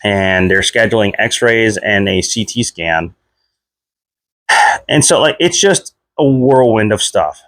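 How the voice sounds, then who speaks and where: A man in his thirties casually telling a personal story, leaping up in pitch whenever he replays his own reactions. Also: slow, no room sound, clean studio sound. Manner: animated retelling, voice jumps high when quoting himself. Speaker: vlogger.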